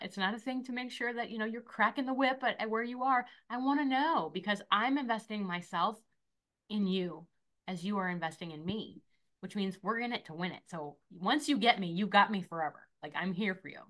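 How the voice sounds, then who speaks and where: A woman in her forties speaks as a podcast guest, bubbly and animated, slipping into the voices of people she quotes. Her tone is bright and ringing at a middle pitch. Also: brisk. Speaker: podcast guest, esthetician and motivational coach. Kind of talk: energetic interview talk.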